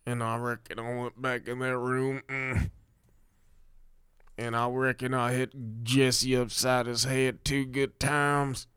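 A man putting on a slow, mumbling, simple-minded Southern man, drawling with grunting pauses. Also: mid-range voice, flat delivery, a bit bright, clear, resonant tone, no room sound, clean studio sound. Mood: deadpan.

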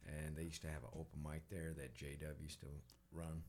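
A deep-voiced Chicago man talks easily in a podcast chat, reminiscing about old comedy haunts. His delivery is loose and unhurried. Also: little pitch movement, darkish tone. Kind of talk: casual chat.

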